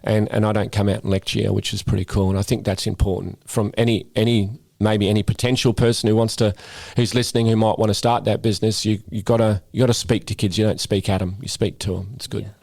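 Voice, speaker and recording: A man's voice: lowish voice, level tone, fast talker, gravelly, few pauses, darkish tone, no echo. A middle-aged Australian man, a guest speaker and former police officer, chatting casually in a podcast interview and often repeating words as he starts a sentence. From Western Australia.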